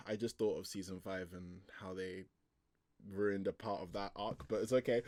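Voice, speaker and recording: A young man chatting casually as he reacts to a manga chapter, excitable and quick to laugh, with loose, filler-heavy talk. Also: sits low, no room sound, clean studio sound.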